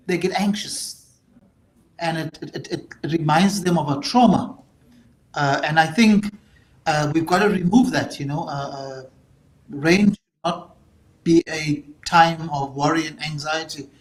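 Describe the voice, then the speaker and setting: Man emceeing in an echoey hall. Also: a little high. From South Africa. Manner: earnest, halting, with many fillers. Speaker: master of ceremonies. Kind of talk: speech at a public event.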